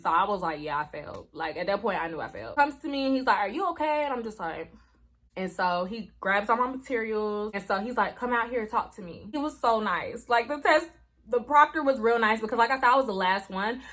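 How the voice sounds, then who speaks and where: A woman's voice: a little high, a bit bright. A young woman in her twenties telling a personal story to camera in a casual vlog, chatty and emotional, leaning on "like" and "y'all" as she goes from anxious to deflated. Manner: chatty, heavy use of "like" and "y'all". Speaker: vlogger.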